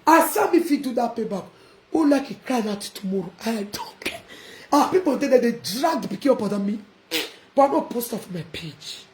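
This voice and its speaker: A woman with a high voice and a Nigerian Pidgin accent rants defiantly on a live video. Her voice carries an echo from the room around her. She laughs and shouts as she talks. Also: a little hiss or hum. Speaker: vlogger. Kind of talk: casual live-video rant.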